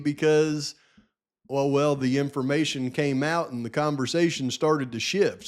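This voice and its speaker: A man hosting a true-crime commentary channel, firing off indignant rhetorical questions. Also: a little high. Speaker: host.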